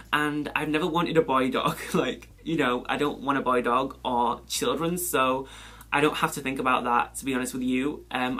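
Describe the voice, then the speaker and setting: A man's voice: medium pitch, sharp tone. A man chatting casually as he answers tag questions in a beauty vlog, laughing easily between answers. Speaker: beauty vlogger.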